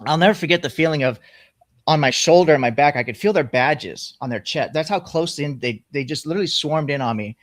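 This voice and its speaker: A man telling a personal story in casual, profane conversation, animated as he goes. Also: fairly high pitch, brisk, no room sound, clean studio sound.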